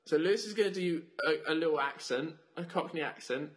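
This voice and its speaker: A young man with a Southern English accent, high and bright in tone, joking and teasing his co-host on a student radio show. His delivery is quick and playful. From South of England. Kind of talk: casual comic banter.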